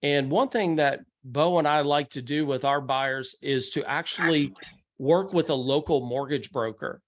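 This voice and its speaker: A man's voice: on the high side, unhurried. A man giving a real estate investing seminar talk, speaking conversationally and acting out the people he quotes. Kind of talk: seminar presentation. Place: meeting room.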